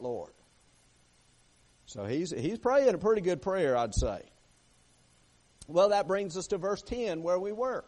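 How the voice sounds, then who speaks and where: A man's voice: high voice, very animated, measured pace, a little mellow. A man preaching a folksy sermon, acting out prayers and often repeating words as he goes. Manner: folksy, repeats words, acts out prayers, rises and drops in volume. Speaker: pastor.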